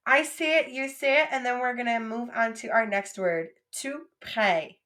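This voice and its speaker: A woman teaching French vocabulary, modeling each word slowly and clearly, repeating it for students to say after her. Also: a little high, fairly bright tone.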